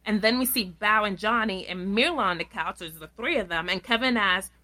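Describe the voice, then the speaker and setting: A woman co-hosting a casual podcast, recapping a reality show with lively swearing and voicing the people she quotes. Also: fairly quick. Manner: animated, acts out quoted people in shrill voices, laughs, swears. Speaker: podcast co-host.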